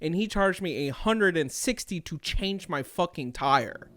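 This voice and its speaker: Young guy on a podcast ranting through a story, lots of swearing, kinda high voice, dry close sound. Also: measured pace, dry recording. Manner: profane, animated retelling. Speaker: podcast co-host. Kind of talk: casual storytelling.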